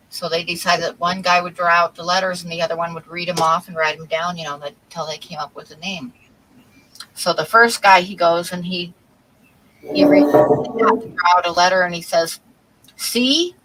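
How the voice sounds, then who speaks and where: A woman's voice: fairly low pitch, a bit bright, rough recording. A woman hosting a livestream, chatting casually and telling corny jokes, then apologizing for them. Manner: joking, apologetic about bad jokes. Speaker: livestream host.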